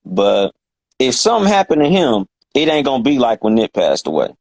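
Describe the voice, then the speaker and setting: A man's voice: mid-range voice, huge pitch swings, moderate pace, vocal fry, darkish tone, dry recording. A man from the West Coast talking casually and emphatically on a live stream. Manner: emphatic, profane, agrees often. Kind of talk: casual chat.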